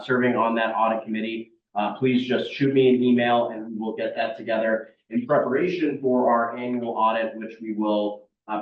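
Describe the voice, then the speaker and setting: Man giving a staff report, filler-heavy, far from the mic, echoey dull room sound. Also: on the low side. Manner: plain, with many fillers. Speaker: staff member presenting a report. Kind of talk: meeting report. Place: meeting room.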